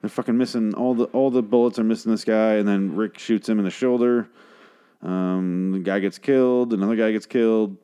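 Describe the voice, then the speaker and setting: Hushed man recapping a show late at night. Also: on the low side, steady tone, a little fast, smooth. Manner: hushed, keeping quiet late at night, swears often. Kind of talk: casual episode recap. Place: home at night, a girlfriend asleep in the next room.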